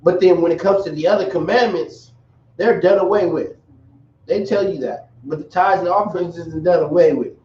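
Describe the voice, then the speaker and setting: A man's voice: high voice, moderate pace, dark tone, slight background noise. A man giving a casual, rambling religious lesson with jokey asides. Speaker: religious teacher. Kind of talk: casual teaching talk. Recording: echoey dull recording from far off.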